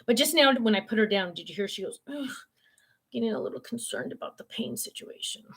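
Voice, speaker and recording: This older woman talks fast in a voice on the high side, gravelly and a bit bright with a breathy edge. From home she hosts a relaxed livestream, reading viewer comments aloud and chatting loosely with lots of fillers.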